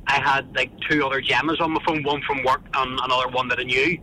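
Guy calling in from his car, dry humor, real bright sharp voice. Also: medium pitch, flat delivery, quick pace, a little hiss or hum, poor audio. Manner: dry, joking. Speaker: caller. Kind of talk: casual phone chat. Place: car, driving. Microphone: phone.

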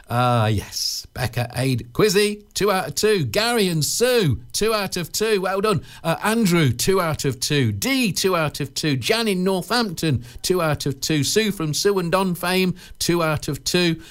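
Give me an English man hosting local radio, his voice pitched high for a man. He talks in loose, jokey banter, rambling along and tripping over repeated words as he goes. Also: expressive, measured pace, fairly bright tone. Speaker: radio presenter.

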